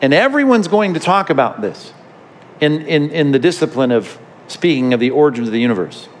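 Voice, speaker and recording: Male pastor, slightly higher voice, emphatic conversational teaching, long reverb. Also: slight background noise. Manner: conversational, emphatic, repeats words while building a point. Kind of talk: sermon-style podcast teaching.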